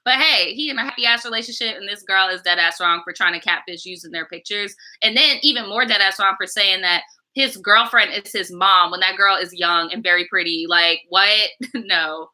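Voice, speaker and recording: Reading viewer stories on her storytime channel, a woman reacts with blunt, slangy, profane chatter. She speaks at a medium pitch and moderate pace with a bright, forceful tone, and the recording is low quality.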